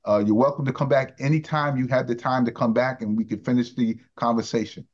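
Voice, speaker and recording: A man hosts a union radio show, asking his guest leading questions in a conversational way. His voice sits at a middle pitch. The sound is dull and lo-fi. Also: fairly even intonation, a little fast, darkish tone. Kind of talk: radio interview.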